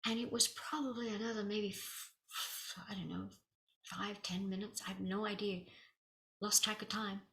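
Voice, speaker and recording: Bright-voiced woman healer telling a story. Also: mid-range voice, normal speed, creaky, echoey room, rough recording. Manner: animated, drops to whispers at intense moments; acts out quoted dialogue. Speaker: spiritual healer. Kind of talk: personal storytelling to camera.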